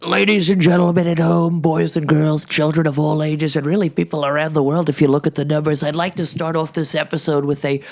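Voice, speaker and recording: A man's voice: a little high, little pitch movement, a little fast, hardly any pauses, lightly acted. A comedian impersonating a brash, boastful older male politician in a rambling comedic monologue.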